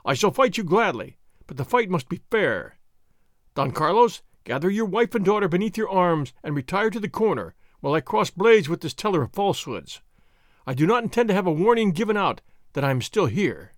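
A man's voice: sits high, sing-song, a little fast, dry recording, clean studio sound. A man voicing a bold, dashing masked swordsman who talks in a proud, taunting, declamatory way. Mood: defiant.

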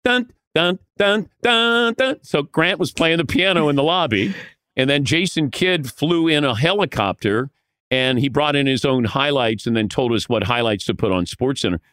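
A man guest telling lively stories from his broadcasting career, acting out the quotes. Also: medium pitch, moderate pace, no echo, clean studio sound. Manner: lively storyteller who acts out quotes. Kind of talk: animated anecdote telling.

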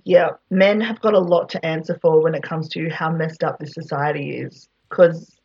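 Husky woman, mid pitch, slightly dull lo-fi recording, animated, swears freely. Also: moderate pace. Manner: animated storyteller, swears casually. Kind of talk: casual chat.

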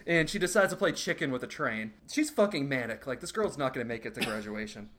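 A man's voice: mid-range voice, animated, fast talker, crowd noise. A man recapping a film in casual, crude podcast chat, joking and mimicking characters. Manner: crude, joking recap with mocking quoted voices. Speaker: podcast co-host.

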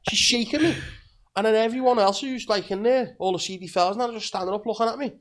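A man spins a crude anecdote in casual podcast chat. His voice sits a little high, and he swears and laughs easily as he rambles. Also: quick pace, a bit bright. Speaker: podcast guest.

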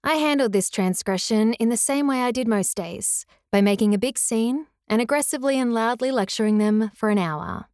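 A woman narrating her own memoir as a former teacher, in a measured, earnest and reflective way. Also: fairly high pitch, darkish tone, no echo, clean studio sound. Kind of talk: scripted first-person memoir narration.

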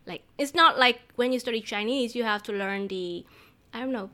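A woman's voice: fairly high pitch, normal speed, sharp tone. A woman from Vietnam who teaches Vietnamese, speaking English with a Vietnamese accent as a native Vietnamese speaker. She talks in a chatty way, laughs often and restarts phrases as a podcast guest. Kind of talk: conversational podcast interview.

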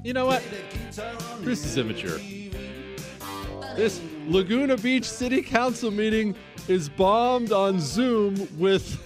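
A radio talk show host with a high voice delivers a casual monologue with no room sound. He rambles sarcastically and keeps breaking into laughter.

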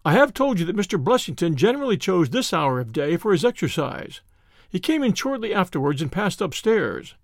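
A man narrating a classic detective story in an expressive reading style, voicing its characters. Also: high voice, brisk, dry recording, studio quality. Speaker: audiobook narrator.

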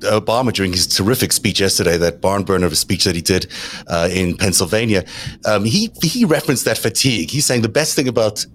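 Guy hosting a panel, fast, low voice, rambles. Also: lively intonation, fairly bright tone. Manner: rambling, with fillers and restarts. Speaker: host. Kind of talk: political panel discussion.

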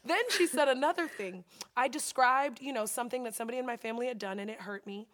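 Woman, fairly high voice, casual chat, animated storyteller, expressive. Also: fast talker. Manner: animated storyteller, acts out quotes, laughs often. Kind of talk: casual chat about therapy.

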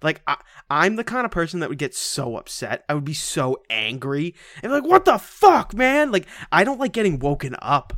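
Excitable crude man chatting, dry sound. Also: a little fast, few pauses, no room sound. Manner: excitable, crude, acts out quotes in a high voice. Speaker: podcast co-host. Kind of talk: casual chat.

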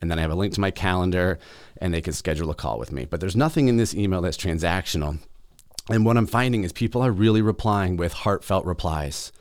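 Man, podcast host, low deep voice, dry close sound, casual solo talk. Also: fast talker, a little mellow, dry recording. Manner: casual, reads his own email aloud.

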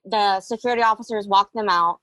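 A woman's voice: mid-range voice, fairly even intonation, brisk, fairly bright tone, no echo, poor audio. Young woman guest, candid storyteller, reflective, dry close mic. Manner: candid, reflective, with frequent fillers. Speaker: interview guest. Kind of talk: personal storytelling interview.

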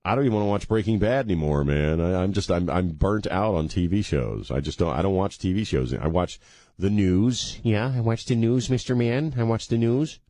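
A male talk radio host with a low voice, riffing in playful mock outrage at a studio microphone. The sound is close and dry, with no room echo. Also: lively intonation, fairly quick, dark tone. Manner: joking, mock-outraged ranting.

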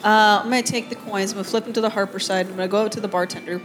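A woman's voice: medium pitch, steady tone, very fast, over music. A woman playing a tabletop game, describing her character's actions in first person. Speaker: player.

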